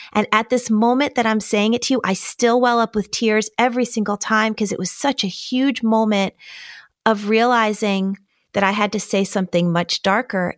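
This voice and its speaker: A woman's voice: mid-range voice, dry recording, clean studio sound. A middle-aged woman, a guest in a conversation, telling a personal story in an earnest, candid and emotionally open way. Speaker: podcast guest.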